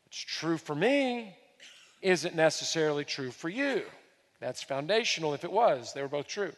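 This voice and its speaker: A male pastor preaching a sermon with a high-pitched voice that carries a long reverb through a large church hall. He hammers home repeated phrases, dropping to a hush and then rising loud again. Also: sing-song, normal speed. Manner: emphatic preaching, repeats key phrases, swings from hushed to loud.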